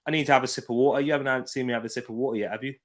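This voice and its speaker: Talking very fast at a medium pitch with a steady tone, a British man runs a live football watch-along stream. Leaning back from his desk microphone, he keeps things casual, laughs a lot, and reads viewers' comments aloud.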